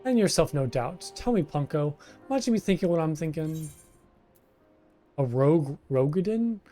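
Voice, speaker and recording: A man reading the lines of a boastful soldier, delivered in a rough old-sailor dialect. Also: a little high, animated, normal speed, mellow, faint music behind, lightly acted.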